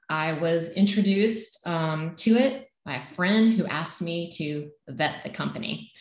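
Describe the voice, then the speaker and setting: A middle-aged woman with a Southern American accent, earnestly co-hosting a health podcast and sharing her own story. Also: lowish voice. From South Carolina. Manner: earnest, emphatic declarations. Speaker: health coach co-host. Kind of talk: podcast introduction and personal story. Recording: echoey room.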